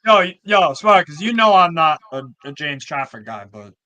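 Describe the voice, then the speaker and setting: A man hosting a live football chat stream, reacting in quick, excitable bursts. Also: a little high. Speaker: stream host.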